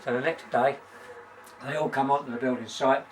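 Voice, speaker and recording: A man's voice: mid-range voice, fairly even intonation, normal speed, slight background noise. A middle-aged man casually telling crude jokes and laughing at his own punchlines.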